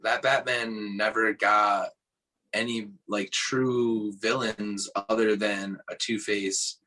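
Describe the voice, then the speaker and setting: A man's voice: lowish voice, steady tone, takes it slowly, pushed and bright, poor audio. A man who is a podcast guest, chatting casually, asking questions and laughing easily. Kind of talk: casual chat.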